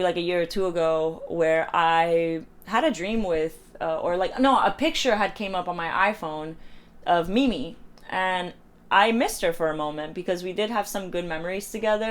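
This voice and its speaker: Animated young woman telling a story. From New York. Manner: animated, acts out quotes with swings in pitch and loudness, curses freely. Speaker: vlogger. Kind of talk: casual storytelling.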